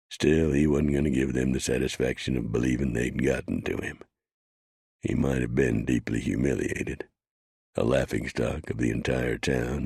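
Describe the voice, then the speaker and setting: A man reading a western audiobook in measured scripted narration. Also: a bass voice, vocal fry, a little mellow, husky, no echo, studio quality.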